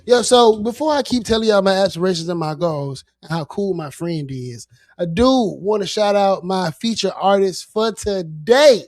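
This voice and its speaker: High-pitched guy from virginia hosting a stream, slangy and hyped, dry close sound. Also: moderate pace, few pauses, no room sound. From Norfolk, Virginia. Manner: animated, slangy, repeats words. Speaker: show host. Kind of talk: casual livestream chat.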